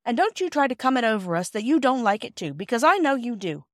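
A woman's voice: on the high side, big pitch swings, fast talker, fairly bright tone, dry recording, clean studio sound, voice pushed up. A woman doing a blunt, cocky young boy.

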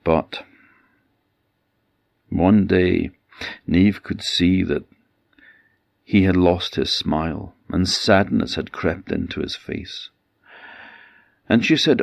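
A man with an Orkney Scottish accent telling a folktale in a gentle storyteller's cadence that likes to repeat itself. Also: sits low, slow, vocal fry, long pauses, no echo, studio quality. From Orkney Islands, Scotland. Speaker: traditional storyteller.

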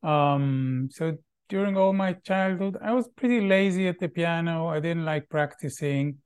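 A man from Israel, a podcast guest, speaking in a halting way and repeating words as he searches for them. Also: a little high, a little mellow, smooth. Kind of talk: casual conversation.

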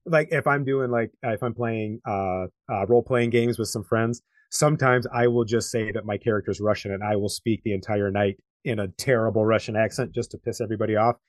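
A man's voice: fairly low pitch, steady tone, a little fast, hardly any pauses, no room sound. Male podcast co-host, rambling film chat, dry close mic. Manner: rambling, many fillers and restarts, laughs along. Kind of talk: casual film discussion.

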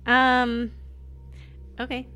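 A woman's voice: a little high, completely flat delivery, drawn-out words, sharp tone, soft background music. A woman playing a tabletop game, talking through her character's actions in a hesitant, giggly way. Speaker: player.

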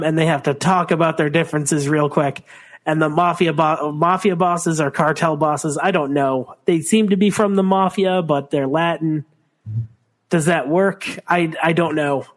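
A man in his thirties co-hosting a casual wrestling chat, playful and joking, slipping into silly accents. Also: fairly high pitch. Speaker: podcast co-host.

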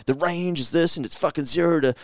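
New zealand man, podcast storyteller, swears a lot, smooth clear voice, dry close mic. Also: a little high, fast talker, no room sound. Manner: swears freely, acts out quotes with animated voice jumps. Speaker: podcast co-host. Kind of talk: casual storytelling chat.

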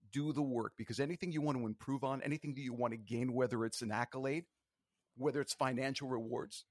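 Husky-voiced man, lively and motivational. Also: medium pitch, no room sound, studio quality. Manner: emphatic, motivational. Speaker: guest speaker. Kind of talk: casual interview talk.

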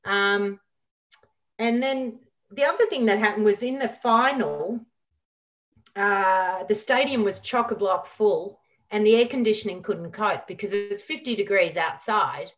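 A middle-aged woman, a guest on an interview show, telling a lively story full of quoted dialogue. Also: mid-range voice, unhurried. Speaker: guest, former squash champion.

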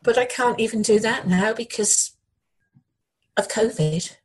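Grieving middle-aged woman, husky, halting, repeats herself. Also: on the high side, rough recording. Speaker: interviewee, bereaved widow. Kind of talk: emotional news interview.

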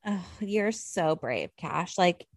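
A young adult woman co-hosting a podcast in casual chat, animated and swearing freely, on a close mic. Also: lowish voice, slow, dry recording. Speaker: podcast co-host.

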